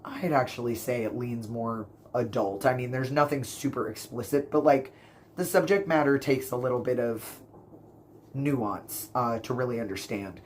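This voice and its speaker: A man's voice: medium pitch, moderate pace, slight background noise. A man rambling casually through book reviews for his channel, full of fillers and self-corrections, gushing about what he loved. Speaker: book vlogger.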